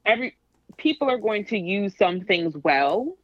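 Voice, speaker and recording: A woman talks in a casual podcast chat, blunt and lively, with opinions that come out fast and plain. Her voice sits at a middle pitch. The recording is dull and lo-fi, and the sound is very dry. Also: dry recording. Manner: blunt, animated, laughs while telling stories.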